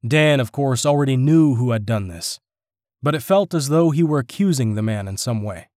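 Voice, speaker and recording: A male narrator reads a story aloud in a steady, expressive way. His intonation is very lively. The recording is dry and close. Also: mid-range voice, moderate pace, dry recording. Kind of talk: audiobook narration.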